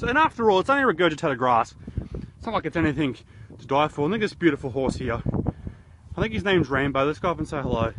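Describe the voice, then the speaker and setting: A slightly high-pitched Australian man goofs around on a vlog out in a horse paddock. He rambles and mocks himself into a handheld camera. Faint background noise sits under his voice. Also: a bit bright. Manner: jokey, rambling, self-mocking. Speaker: YouTuber host. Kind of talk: goofy outdoor vlog.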